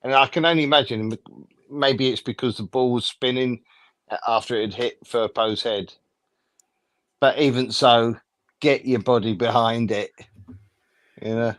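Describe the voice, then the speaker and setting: A man co-hosting a casual football fan show, talking in a relaxed, matter-of-fact way. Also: medium pitch, normal speed, long pauses. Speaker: co-host.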